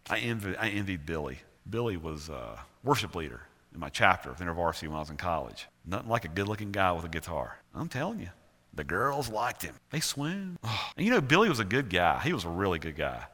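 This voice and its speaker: A man's voice: deep voice, big pitch swings, a little fast, a bit bright. A male pastor with a Southern US accent preaching a sermon earnestly, with emphatic repetition. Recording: reverberant church hall.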